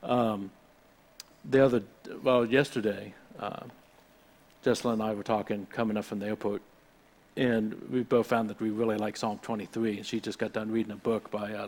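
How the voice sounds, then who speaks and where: A man pastor giving an informal sermon in a chatty, rambling way, slowing down to read scripture. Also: lowish voice, darkish tone. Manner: conversational, rambling with restarts, reads scripture slowly.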